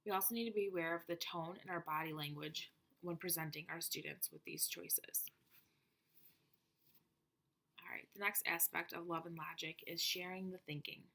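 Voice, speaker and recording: Woman, lower voice, reads a prepared lecture on classroom methods, steady and explanatory. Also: a little fast. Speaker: presenter of teaching methods. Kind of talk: reading a prepared presentation.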